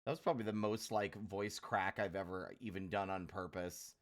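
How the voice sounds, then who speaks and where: A man's voice: sits low, fairly even intonation, moderate pace. A young adult man livestreaming, thinking aloud in a rambling casual way as he organizes his work. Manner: rambling, self-talking while organizing.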